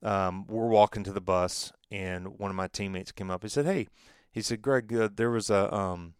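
Low, smooth-voiced man telling a story. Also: normal speed, dry recording, clean studio sound. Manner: rambling, frequent restarts and fillers, acts out dialogue. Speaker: former baseball pitcher, guest. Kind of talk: storytelling in a conversational interview.

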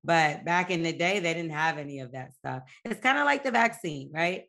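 A woman's voice: low voice, expressive, moderate pace, vocal fry, fairly bright tone. A young adult woman co-hosting a podcast in casual chat, blunt and joking. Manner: blunt, joking, talks frankly about sex. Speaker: podcast co-host.

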